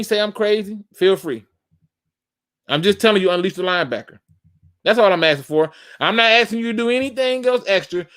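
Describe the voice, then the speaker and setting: A man with a high, slightly bright voice hosts a live sports talk show, breaking down game film with emphatic, fired-up energy. He talks straight to his listeners and calls them "y'all."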